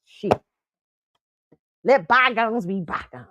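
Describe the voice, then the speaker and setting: Host, woman, AAVE, blunt and profane, a bit high-pitched, dry close mic. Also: slow pace, no echo. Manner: blunt, profane, scolding and animated. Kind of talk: casual pop culture commentary. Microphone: streaming microphone.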